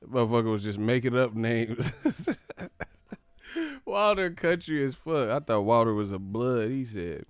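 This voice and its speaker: A man's voice: medium pitch, big pitch swings, measured pace, clear, resonant tone, dry recording, studio quality. A young man hosting a live stream about boxing, casual and profane, laughing often and mimicking commentators. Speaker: boxing channel host.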